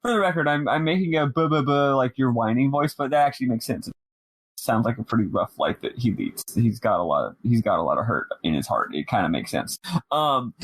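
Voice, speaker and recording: Laughing, animated male podcast co-host. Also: medium pitch, slightly rough, no room sound. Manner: animated, laughs often, quick asides. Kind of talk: casual chat.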